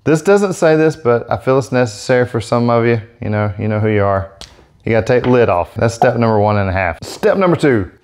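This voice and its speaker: Excitable man gushing over markers. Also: lowish voice, quick pace, smooth. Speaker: airbrush artist demonstrating markers. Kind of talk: casual product demo vlog. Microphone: set-up microphone.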